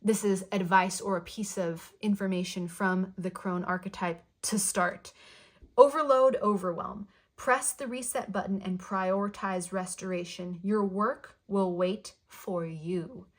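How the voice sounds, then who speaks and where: A woman giving a spoken tarot reading to her viewers, gentle and affectionate, playful, with her affirmations said twice over. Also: mid-range voice, steady tone, a little slow. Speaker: tarot card reader.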